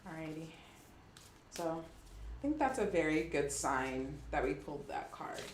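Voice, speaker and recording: A woman's voice: low voice, very animated, a little slow, slight background noise. Upbeat woman reading tarot, roomy echo. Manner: upbeat and affirming, reads card meanings aloud. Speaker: tarot reader. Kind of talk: casual tarot reading for viewers.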